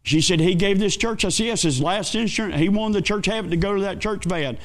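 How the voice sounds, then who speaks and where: A male pastor, telling a folksy story in a sermon with dramatic swings between excited and hushed. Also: high-pitched, fast talker.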